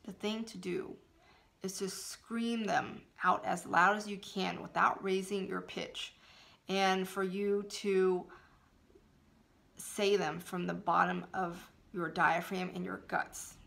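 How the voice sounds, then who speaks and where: Earnest woman spiritual coach, unhurried, bright, a little gravelly, emphatic delivery. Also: on the low side, little pitch movement. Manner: earnest, emphatic, laughs between phrases. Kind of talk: motivational talk to camera.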